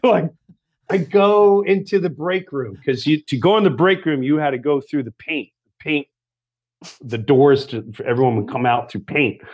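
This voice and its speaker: The dull audio captures a comedian guest, a man in his fifties from Long Island, whose voice is a little high at normal speed. Chatting casually, he tells an animated story, mimicking other people's voices and frequently swearing and laughing.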